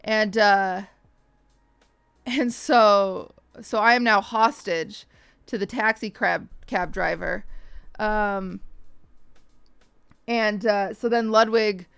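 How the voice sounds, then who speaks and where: A woman's voice: medium pitch, takes it slowly, vocal fry, long pauses, smooth, dry recording. A young woman streamer casually telling a story to her chat, acting out the people she quotes and swearing freely. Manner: animated, acts out quoted voices, swears casually.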